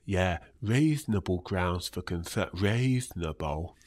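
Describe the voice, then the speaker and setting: A man's voice: extremely high pitch, sing-song, a little slow, sharp tone, heavily acted. A man playing a pompous, patronizing politician who sneers sarcastically and ends lines with "mate". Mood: sarcastic. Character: smug pompous male left-wing politician, patronizing. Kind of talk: comedy sketch.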